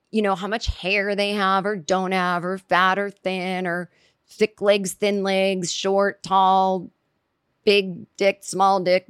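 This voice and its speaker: A woman hosts a comedy podcast, spinning a rambling story and slipping into quick voiced asides. Her pitch sits in the middle of the range. The recording is dry and close, with no room sound. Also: clear, resonant tone, no room sound. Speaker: podcast host. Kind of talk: comedic monologue.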